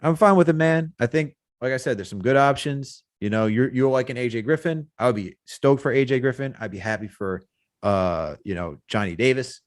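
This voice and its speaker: A male podcast co-host, talking sports in a casual, animated, rambling way. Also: brisk, dry recording, clean studio sound. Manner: animated, rambling, jumps in pitch when excited.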